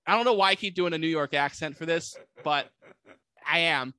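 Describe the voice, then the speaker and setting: A man casually recapping a movie plot, animated and full of "like" fillers, jumping into quick voices for the characters. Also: a little high, clean tone, no room sound. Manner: many "like" fillers.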